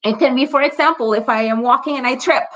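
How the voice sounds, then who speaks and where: A woman's voice: high-pitched, quick pace, a bit bright. Chatty woman trainer on muffled webinar audio. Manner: chatty, checks in with frequent "right?" and "you know"; laughs lightly between examples. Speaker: trainer leading a parent workshop. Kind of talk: conversational online training talk.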